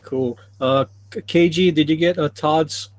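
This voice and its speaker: A man's voice: on the high side, steady tone, a little slow, no echo. Chatty man reading stream chat. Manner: reads viewer comments aloud, chuckling often. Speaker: livestream host reading chat. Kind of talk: casual livestream chat.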